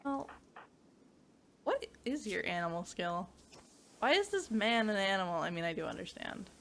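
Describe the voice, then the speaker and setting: Giggly bright-voiced woman streamer. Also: medium pitch, big pitch swings, moderate pace, vocal fry, slight background noise. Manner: giggly, laughs often, reads chat aloud. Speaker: VTuber streamer. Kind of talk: casual gameplay stream chat.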